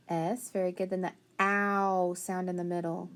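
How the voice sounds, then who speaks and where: A woman leads a phonics review at an unhurried pace. She sounds out each letter carefully and keeps cheering the students on with a patient, encouraging manner. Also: lowish voice, little pitch movement. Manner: slow, patient, sounds out letters and praises often. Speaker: teacher. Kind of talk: phonics lesson to young students.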